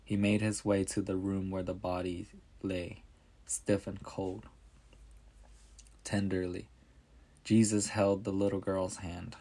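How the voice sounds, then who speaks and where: Man, storybook narrator, calm measured reading, flat delivery, slow pace. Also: low-pitched.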